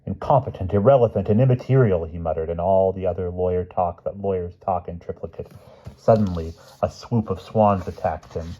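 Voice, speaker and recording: Deep-voiced man reading a storybook. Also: flat delivery, dark tone, muffled recording. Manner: measured, relishing word lists. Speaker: audiobook reader.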